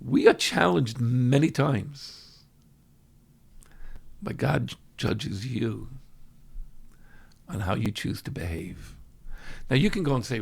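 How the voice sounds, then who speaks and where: A man teaching as a rabbi in a dramatic way. He swings between loud outbursts and hushed asides, and acts out everyday people when he quotes them. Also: medium pitch, expressive, takes it slowly, creaky, long pauses, breathy edge. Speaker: rabbi teaching a weekly class. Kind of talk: animated religious teaching.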